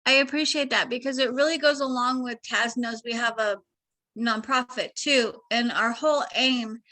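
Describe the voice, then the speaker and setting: A woman in her fifties on a video call, sharing excitedly and emotionally, near tears. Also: on the high side, moderate pace. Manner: tearful, excited, breaking up with emotion. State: crying. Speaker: call participant.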